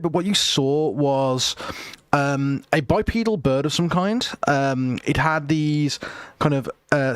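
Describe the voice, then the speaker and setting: A man narrating a tabletop game as game master, relaxed and full of fillers. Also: medium pitch, no room sound.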